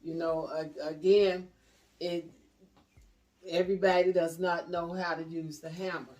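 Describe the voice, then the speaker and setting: A woman's voice: fairly low pitch, level tone, a little slow, darkish tone, far from the mic. A woman in a casual panel discussion, earnestly repeating and driving home her point.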